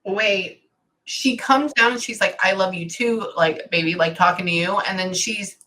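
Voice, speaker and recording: Woman medium, bright edge, stop-start delivery, keeps cutting herself off. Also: mid-range voice. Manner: halting, animated, many self-interruptions. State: tearful at times. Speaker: psychic medium. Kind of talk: channeling session.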